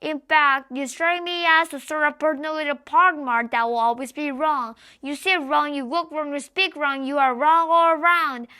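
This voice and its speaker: Woman doing a scornful giant headmistress, loud and barking, high, storybook reading. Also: fairly even intonation, normal speed, hardly any pauses. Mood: shouting. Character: huge bullying female headmistress, furious.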